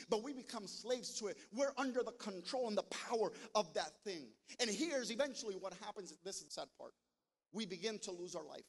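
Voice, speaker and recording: A man preaching a sermon as pastor, talking straight to his congregation and building to loud, emphatic passages. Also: sits high. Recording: long hall reverb.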